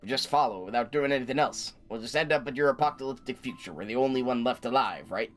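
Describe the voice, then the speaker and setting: A man voicing an excitable, blunt man with an American Southern accent, raised and twangy. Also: medium pitch, quick pace, faint music behind, lightly acted. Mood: urgent.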